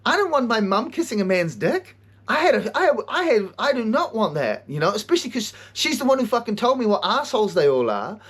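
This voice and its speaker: Animated, foul-mouthed male podcast host. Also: high voice, brisk, slightly rough. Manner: animated storytelling, heavy swearing, frequent laughter. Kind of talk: casual monologue.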